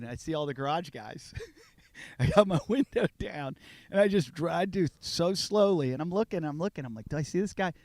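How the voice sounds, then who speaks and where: A man's voice: a little high, no room sound. A man telling a story on a podcast in a casual way, acting out the people in it. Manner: animated, acts out the people in his story. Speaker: podcast guest.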